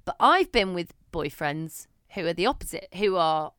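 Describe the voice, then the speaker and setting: A woman, co-hosting a casual podcast and telling a story in an animated way, swearing now and then and acting out what people said. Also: fairly low pitch, normal speed, smooth, no echo, clean studio sound. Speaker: podcast co-host. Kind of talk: casual chat.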